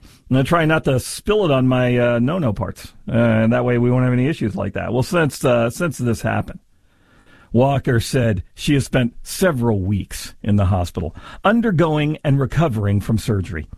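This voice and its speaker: A man's voice: medium pitch, lively intonation, normal speed, gravelly, darkish tone, no echo, clean studio sound. A man hosting a sarcastic commentary on a news story, mocking and exaggerated in delivery. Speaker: commentary host.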